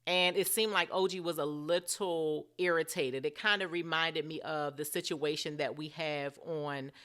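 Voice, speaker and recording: Grown woman doing chatty reality tv commentary, low voice but punchy and bright, keeps asking viewers what they think. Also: steady tone, normal speed. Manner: chatty, asks viewers directly. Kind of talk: casual commentary vlog.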